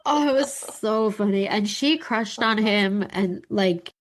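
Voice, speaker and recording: A woman with a medium-pitched voice speaks slowly while co-hosting a podcast. She tells a story in casual chat, laughing often and swearing freely.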